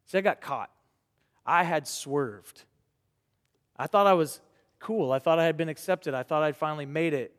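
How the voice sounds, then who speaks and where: A man preaching a sermon to young people, earnest and rhetorical, with dramatic pauses. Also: a little high, expressive, fairly bright tone. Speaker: pastor. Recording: reverberant hall.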